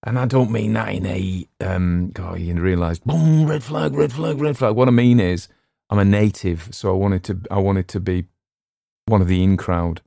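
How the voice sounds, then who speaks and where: Recorded cleanly in a studio with no echo, a man with a low, mellow voice, vocal fry, and moderate pace chats casually. He hosts podcasts and narrates audiobooks, speaks with a West Cumbrian accent from West Cumbria, England, and rambles in a digressive, self-deprecating manner.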